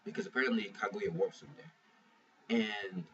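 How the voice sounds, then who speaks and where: His mid-range voice is gravelly, a bit bright and slightly rough, very animated yet unhurried. The man casually reviews a manga chapter, rambling, swearing freely and frequently restarting what he says. The sound is a muffled, distant lo-fi recording with a faint hiss.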